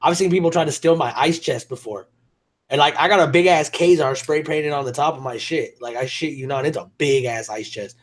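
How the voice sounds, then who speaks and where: A man's voice: on the high side, a little fast. A man hosting a casual show, telling loose, profane stories and laughing often. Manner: swearing, laughing storyteller. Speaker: show host. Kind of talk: casual chat.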